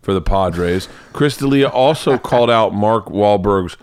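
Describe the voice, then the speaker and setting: Speaking a little slowly in a clear, resonant, lower voice, a man from the American South hosts a podcast full of rambling, profane, animated comedic banter. No room sound is audible.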